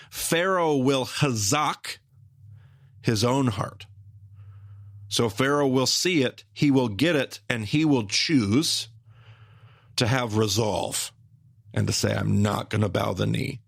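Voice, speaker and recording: A man hosting a podcast, explaining Bible stories with emphatic, repetitive phrasing that speeds up and slows down. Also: medium pitch, gravelly, fairly bright tone, no echo, studio quality. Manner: emphatic, repetitive, with rapid bursts and slow stressed phrases. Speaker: podcast host teaching the Bible. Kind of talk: animated teaching conversation.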